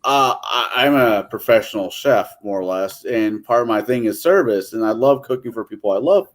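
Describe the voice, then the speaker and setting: A man's voice: on the low side, expressive, moderate pace. Blunt man in a casual chat. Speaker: podcast co-host. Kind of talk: casual late-night chat.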